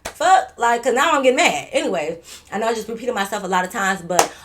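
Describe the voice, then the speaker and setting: She's a vlogger spinning a profane, lively story, talking fast at medium pitch and tripping over a few repeated words. Slight background noise can be heard.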